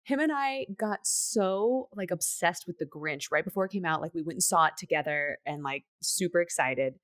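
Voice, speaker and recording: Woman in her thirties, chatty, rambling, lowish voice, dry close sound. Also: animated, normal speed, a bit bright, dry recording. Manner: chatty, rambling with fillers and restarts. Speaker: podcast co-host. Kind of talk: casual chat.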